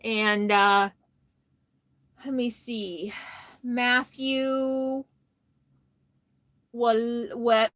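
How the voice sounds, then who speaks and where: A woman's voice: fairly high pitch, little pitch movement, drawn-out words, pauses often, fairly bright tone, dry recording. A tired woman hosting a casual RV livestream from her phone, chatty, greeting viewers by name and laughing often. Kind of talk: casual live stream chat. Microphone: phone held close.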